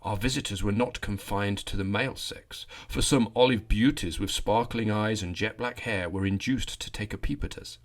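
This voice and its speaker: A man reading a genteel army officer's memoir in a slow, measured, wry voice. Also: on the low side, natural voice.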